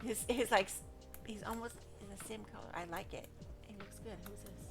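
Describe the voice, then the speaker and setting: A woman's voice: medium pitch, fairly even intonation, a little fast, creaky, over music. A woman game streamer chatting casually at home, rambling along with asides to her pet, her voice a little stuffed up from allergies. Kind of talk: casual chat while gaming.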